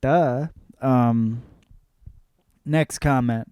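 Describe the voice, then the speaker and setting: A man's voice: medium pitch, very slow, a little mellow, clear, resonant tone, no echo, clean studio sound. A man in his thirties hosting a podcast, talking through listener comments in a loose, profane, rambling way and laughing at his own jokes. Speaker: podcast host. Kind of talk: casual comedic monologue.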